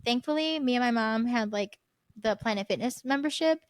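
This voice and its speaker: A young woman hosts her podcast in a loose, casual chat, telling stories and acting out what people said. Her voice sits a bit high, and the recording is dry and close, with no room sound. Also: fairly quick, no room sound. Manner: animated storyteller, acts out quotes, many "like" fillers. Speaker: podcast host.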